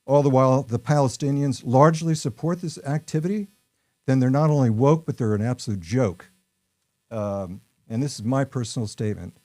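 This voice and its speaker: A man's voice: mid-range voice, a little fast, darkish tone. An American man from New York hosting a podcast, talking in a rambling, opinionated way with many ums and uhs. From New York, USA. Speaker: podcast host. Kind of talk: casual political podcast talk.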